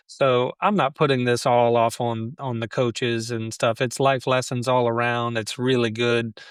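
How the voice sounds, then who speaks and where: Man as podcast guest, mid pitch, reflective storyteller, dry close sound. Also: little pitch movement, moderate pace, fairly bright tone, smooth, dry recording. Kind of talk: conversational interview.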